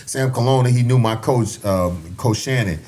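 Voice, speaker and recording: A man telling a boxing story on a podcast, acting out the voices of people in it with shouts and laughs. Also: moderate pace. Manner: acts out quotes with big pitch jumps, laughs and shouts. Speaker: boxer, podcast guest. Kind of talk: animated storytelling.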